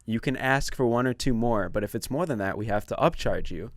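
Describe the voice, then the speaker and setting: A man chatting casually on a podcast, telling animated stories about old customers. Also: mid-range voice, a little fast, no room sound, studio quality. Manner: animated storyteller who acts out customers in voices. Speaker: podcast guest or co-host. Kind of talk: casual storytelling chat.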